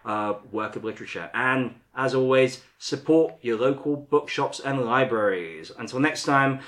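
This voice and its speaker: A man's voice: medium pitch, moderate pace, a bit bright. A man hosting a casual podcast, rambling a bit with lots of fillers as he wraps up the episode. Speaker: podcast host.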